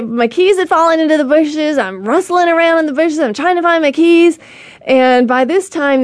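Casting note: woman show host, candid rambling storyteller, higher voice, dry close mic. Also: dry recording. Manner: rambling and candid, full of "you know" and restarts. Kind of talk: personal storytelling monologue to an audience.

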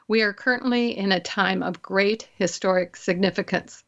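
Chatty woman radio host, dull audio. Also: medium pitch. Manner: chatty with fillers, slows for emphasis. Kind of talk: casual chat and scripted intro.

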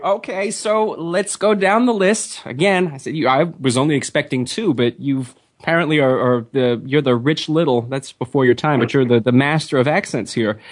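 A man's voice: medium pitch, normal speed. A man hosting an online radio interview show, talking casually and rambling with frequent laughs. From Philadelphia area. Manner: chatty, rambling, laughs often.

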